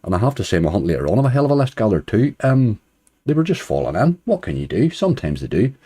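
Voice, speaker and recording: A man's voice: on the low side, very animated, fast, mellow, breathy edge. A man hosting a casual live stream, chatting and greeting viewers one by one with easy chuckles. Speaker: slots streamer greeting chat.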